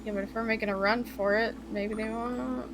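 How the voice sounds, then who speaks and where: A woman's voice: a little high, fairly even intonation, a little fast, noisy background. Blunt rules-savvy woman at a tabletop game. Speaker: player. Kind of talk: casual tabletop game chat.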